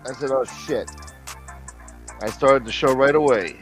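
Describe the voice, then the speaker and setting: Loud joking male livestream host. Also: mid-range voice, a little fast, soft background music. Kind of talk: mock-sermon casual livestream chat.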